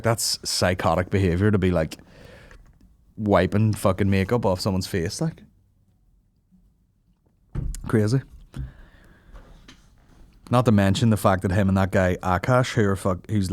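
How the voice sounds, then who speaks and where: A man, hosting a comedy podcast in a profane rant, mocking people in loud put-on voices. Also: on the low side, moderate pace, pauses often, dry recording. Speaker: podcast host.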